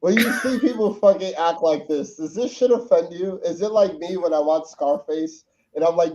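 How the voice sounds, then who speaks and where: A man's voice: fairly high pitch, normal speed, few pauses, darkish tone. A man co-hosting a casual movie podcast, joking around and swearing freely. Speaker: podcast co-host. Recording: dull lo-fi mic.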